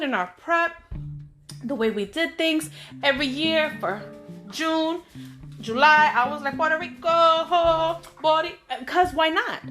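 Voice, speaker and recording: A woman hosting her own show, telling personal stories in a chatty, animated way with playful asides to her listeners. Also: high-pitched. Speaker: podcast host. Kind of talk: casual storytelling monologue.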